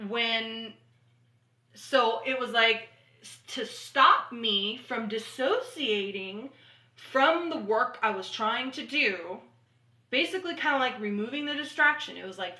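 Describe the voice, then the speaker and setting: Bright-voiced woman talking spiritual healing. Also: fairly high pitch, slow. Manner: earnest, rambling, swears casually, repeats affirmations. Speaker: spiritual channeler and vlogger. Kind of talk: casual spiritual talk to camera. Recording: echoey room.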